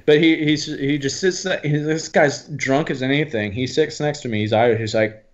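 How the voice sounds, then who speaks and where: A man's voice: fairly high pitch, moderate pace, few pauses, very noisy. A man chatting as a podcast guest over a video call, telling stories animatedly and slipping into little voices. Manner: animated storyteller who slips into voices. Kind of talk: casual chat. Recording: dull lo-fi call audio.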